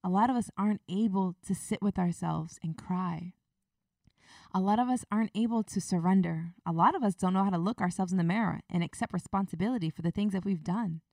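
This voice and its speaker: A woman's voice: mid-range voice, fairly quick, vocal fry, mellow, no echo, studio quality, far from the mic. A woman hosting her podcast, talking earnestly and confidingly in a personal, motivational monologue. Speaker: podcast host.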